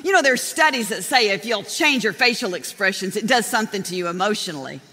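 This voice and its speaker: A woman preaching a sermon in a lively, chatty way, often laughing as she talks. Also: medium pitch, quick pace, slightly rough, faint music behind. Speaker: pastor. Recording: long hall reverb.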